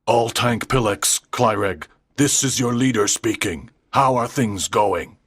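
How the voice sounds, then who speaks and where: A woman voicing a commanding male alien leader who speaks with a strange, deep, husky voice, in a storybook reading for English learners. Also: unhurried, no room sound, clean studio sound, heavily acted.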